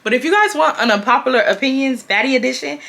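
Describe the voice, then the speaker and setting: A woman in her twenties from Texas telling a storytime to her viewers in a casual, animated, profane way, calling them y'all. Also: high-pitched, quick pace, gravelly. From Houston, Texas. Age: 20s. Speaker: storytime vlogger. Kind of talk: casual storytime chat to camera. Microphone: camera mic.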